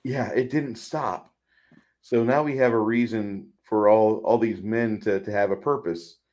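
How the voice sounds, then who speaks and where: This podcast co-host has a rather low, darkish voice with fairly even intonation and an unhurried delivery. In a casual movie chat, he wanders through his points, repeats himself and acts out quoted lines.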